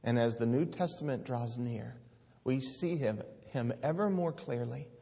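A man's voice: medium pitch, measured pace, vocal fry, dark tone, big-room sound. A man preaching a sermon, earnest and pleading, reading scripture aloud with rising force.

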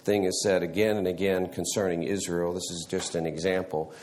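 A man teaching a church Sunday school class in a halting way, restarting words and often clearing his throat. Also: low-pitched, little pitch movement, darkish tone.

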